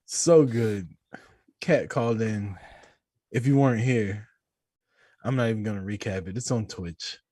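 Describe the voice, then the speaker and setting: A man co-hosting a podcast, excitable and quick to laugh, with a husky voice. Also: on the low side, no room sound, clean studio sound. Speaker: podcast co-host. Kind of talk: casual podcast banter.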